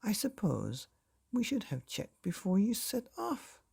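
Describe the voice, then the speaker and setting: Fussy doting mum, lifted pitch, dark gravelly tone, put on by a male reader. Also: wildly swooping pitch, unhurried, exaggerated voice. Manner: fussy, apologetic. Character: apologetic, doting middle-aged mother.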